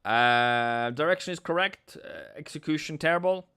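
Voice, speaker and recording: A man's voice: a little high, normal speed, bright, forceful tone, clear, resonant tone. Playful man hosting a stream. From Norway. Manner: playful, chats with viewers, breaks into silly sound effects. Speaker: forex trading livestream host. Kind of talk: casual live-stream commentary.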